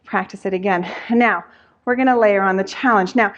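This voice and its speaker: A woman's voice: medium pitch, normal speed, lo-fi sound. A young adult woman instructor talking through a Pilates workout while doing it, out of breath, counting reps with sighs between them.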